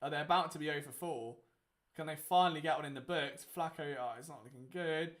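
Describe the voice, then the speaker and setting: A man's voice: on the high side, very animated, fairly quick, a bit bright. A young man hosting a casual live watchalong, talking in a rambling way with lots of fillers. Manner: chatty, rambling, many fillers. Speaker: watchalong host. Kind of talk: casual live game commentary.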